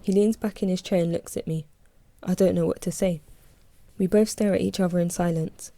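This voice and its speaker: A woman reading her own novel aloud in a calm, steady first-person audiobook narration. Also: on the low side, a little fast, no room sound.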